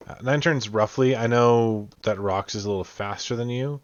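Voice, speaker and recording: A man serves as game master for a tabletop game, narrating scenes at length with frequent fillers. His voice is medium-pitched at a moderate pace, with no room sound, in dull lo-fi audio.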